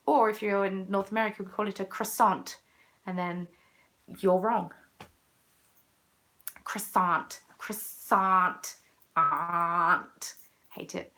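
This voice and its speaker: A woman's voice: mid-range voice, fairly even intonation, quick pace. A young woman with an English accent, chatting casually and playfully as a crafting vlogger, often muttering asides under her breath. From England. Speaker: crafting vlogger hosting a chat. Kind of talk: casual chat.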